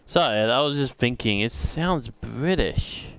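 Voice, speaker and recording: A man's voice: mid-range voice, lively intonation, measured pace, a bit bright, a little hiss or hum. A man streaming a game, thinking aloud in rambling casual commentary.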